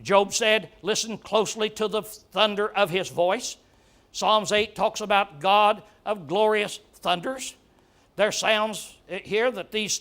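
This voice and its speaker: A man's voice: sits high, fairly bright tone. A man preaching an earnest, emphatic Bible-study sermon, repeating words for stress.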